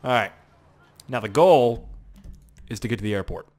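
A young man giving casual, excitable commentary while playing a video game, swearing and exclaiming often. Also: mid-range voice, normal speed. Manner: excitable and profane, frequent exclamations and laughs. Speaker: gameplay commentator.

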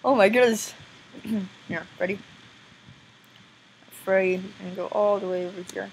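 A young woman giving casual gameplay commentary, excitable and squealing now and then, often breaking into silly voices. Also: mid-range voice, moderate pace, vocal fry, slight background noise, poor audio. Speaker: gameplay video maker.

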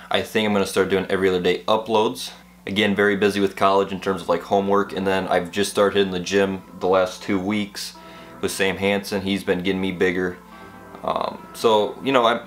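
A young man vlogger telling college stories in a casual, rambling, animated way, full of fillers. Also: low voice, brisk, soft background music. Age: young adult. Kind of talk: casual storytelling vlog.

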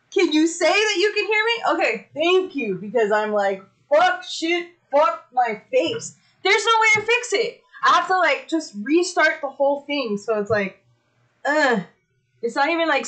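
A woman hosting a casual livestream, chatty and excitable, swearing freely as she talks. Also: high-pitched. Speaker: livestream host.

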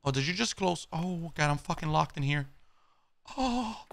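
Playing through a horror game for his YouTube channel, a young man jokes nervously, curses and lets out startled yelps. His fairly high voice is gravelly and a bit bright, fairly quick, with fairly even intonation.

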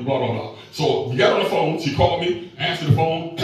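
A middle-aged man preaching a sermon as pastor, animated and joking with the congregation. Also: a little high, normal speed, very echoey, far from the mic, rough recording.

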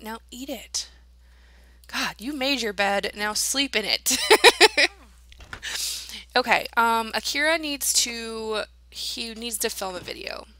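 A woman's voice: fairly high pitch, sharp tone, no echo. A young woman giving casual, chatty commentary as she plays a life-sim game, talking to her characters and giggling often. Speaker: let's play gamer.

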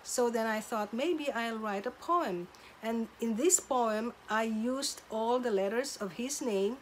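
A middle-aged woman, a teacher, telling classroom stories in a careful, measured way with pauses. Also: a little high, slight background noise. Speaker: substitute teacher. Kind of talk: casual storytelling to camera.

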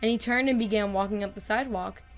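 A woman narrating horror stories in a calm, measured read, her voice middle-pitched for a woman. She drops quieter on the darkest lines, and faint music plays beneath her. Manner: calm, measured, dropping softer on grim lines. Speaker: storyteller.

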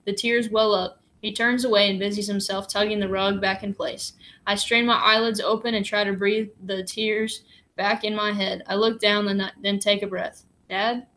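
A woman reading a novel aloud in a measured, gentle way. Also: medium pitch, little pitch movement. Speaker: audiobook reader.

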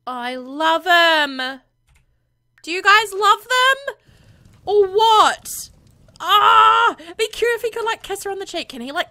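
Bubbly, squealing woman gamer. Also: sits high. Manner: bubbly, gushing, squeals with excitement. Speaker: gaming video creator. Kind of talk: let's-play commentary. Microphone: USB condenser microphone.

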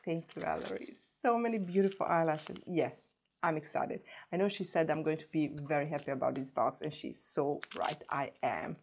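A woman beauty vlogger chatting casually as she unboxes gifts, gushing and repeating words in her excitement. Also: low voice, moderate pace, slight background noise.

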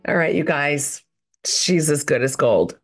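A woman's voice: low-pitched, expressive, unhurried, faint music behind. A woman hosting a podcast, under the weather and a little crackly, talking in an effusive, gushing way. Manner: effusive and warm, with many fillers. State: sick and slightly hoarse. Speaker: podcast host. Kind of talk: casual interview chat.

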